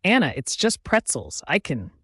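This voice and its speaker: A man voicing a young male werewolf alpha who speaks calmly and reassuringly, protective and loving. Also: on the high side, normal speed, breathy edge, no echo, studio quality, heavily acted. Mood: tender.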